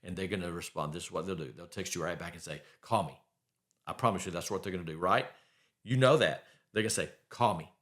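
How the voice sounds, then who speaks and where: A man's voice: deep voice, fast talker, fairly bright tone. Blunt, emphatic man host. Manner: blunt, emphatic, repeats key phrases. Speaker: podcast host. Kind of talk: faith-based advice podcast monologue.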